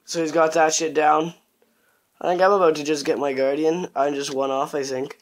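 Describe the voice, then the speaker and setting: Young guy cursing nonstop over his gameplay clips, kinda high voice, gets hyped fast. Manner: crude, swearing constantly, excitable bursts. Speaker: gameplay commentator. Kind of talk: casual gameplay commentary.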